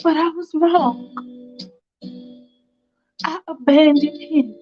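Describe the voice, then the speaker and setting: A woman's voice: sits high, slow pace, soft background music, voice pushed up. A woman voicing a remorseful woman on trial, confessing earnestly. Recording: dull lo-fi recording.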